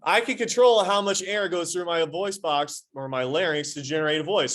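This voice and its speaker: A man teaching a high school anatomy lesson in a classroom, quizzing his students and adding playful asides. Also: moderate pace, a bit bright. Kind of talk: classroom lecture.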